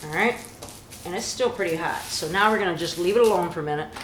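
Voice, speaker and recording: Lowish-voiced lady chatting thru a recipe in an echoey kitchen, bit of background hum. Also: fast. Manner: chatty, instructive, enthusiastic. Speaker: home cooking video host. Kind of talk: casual cooking demonstration.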